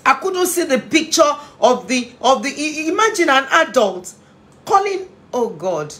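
A woman's voice: high-pitched, expressive, moderate pace, a bit bright. A woman giving an impassioned parenting talk as a family therapist, earnest and emotional, often repeating phrases for emphasis. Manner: emotional, pleading. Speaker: family therapist and inspirational speaker.

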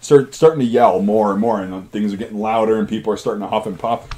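A man's voice: fairly low pitch, little pitch movement, fast, a little mellow. A man hosting his channel, casually telling army stories in a rambling, profane way. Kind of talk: casual storytelling.

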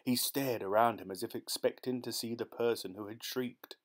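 A man narrating a short story as an audiobook reader, in a steady, measured way. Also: medium pitch. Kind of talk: scripted narration.

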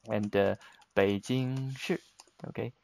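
Man, low gravelly voice, very slow patient explaining, dry close sound. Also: fairly even intonation, darkish tone, rough recording. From China. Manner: unhurried, patient, slips between English and Chinese with frequent fillers. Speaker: Chinese teacher. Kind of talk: explaining vocabulary in a lesson.

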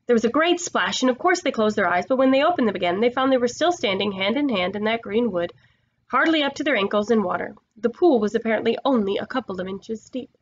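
A woman's voice: fairly high pitch, animated, quick pace, highs cut off. A woman reading a children's book aloud, often stumbling and restarting words. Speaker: narrator.

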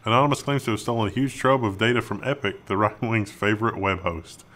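A man's voice: lowish voice, steady tone, fast, a bit bright. A man co-hosting a tech news show, reading headlines and adding dry, wry remarks. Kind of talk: reading headlines, then commenting.

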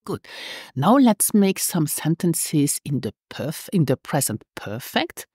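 Woman teacher, low voice, slow careful delivery, dry close mic. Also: very animated, warm tone, breathy edge, no room sound. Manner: slow, careful, repeats phrases for learners. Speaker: language teacher. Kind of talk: podcast language lesson.

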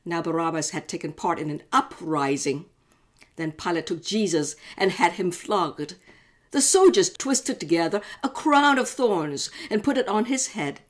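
Female devotional host, calm scripture reader. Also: on the low side, moderate pace. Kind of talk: scripture reading.

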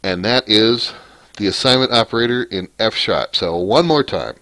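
A man's voice: lowish voice, normal speed, bright, forceful tone, dry recording. A man hosting a casual screencast coding lesson, thinking aloud as he types, rambling and often correcting himself. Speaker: programming tutorial host.

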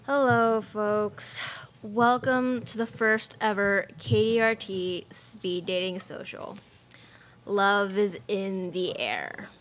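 A woman hosts a mock speed-dating show in a student radio play. She announces each part in a sappy, over-the-top way. Her voice sits at a middle pitch. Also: steady tone, slow, a bit bright. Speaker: show host in a skit. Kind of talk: student live radio theatre.

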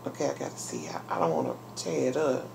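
A woman vlogger chatting casually while unboxing a package, talking excitedly to her viewers. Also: extremely low pitch, fast talker, gravelly, noisy background. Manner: chatty and exclamatory, addressing viewers as y'all. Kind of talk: casual unboxing vlog chat.

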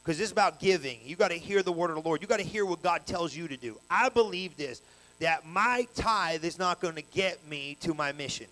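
A man preaches a sermon at a church service, telling it like a story in colloquial, slang-filled language with energetic bursts that climb to loud peaks. His voice is on the high side and a little fast, and the recording is rough.

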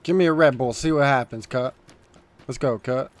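A young man streaming a shooter game, giving calm callouts to teammates, then yelling in panic when things get tense. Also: medium pitch, normal speed. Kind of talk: casual gaming chatter.

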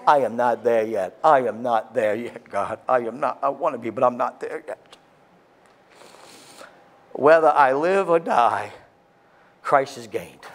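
A man, a pastor, preaching a sermon with impassioned, excitable delivery that swings between loud peaks and quiet scripture reading. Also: mid-range voice, normal speed, few pauses.

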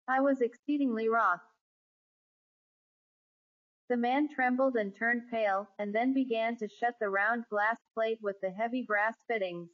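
A woman narrating a classic ghost story in a measured, even storytelling manner. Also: a little high. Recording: dull lo-fi recording.

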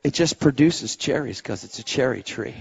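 A middle-aged man preaching a sermon as a story, animated, dropping to a hush and rising to shouts. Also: mid-range voice, moderate pace, gravelly, slightly rough, dull audio. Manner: animated, swings from hushed to shouting.

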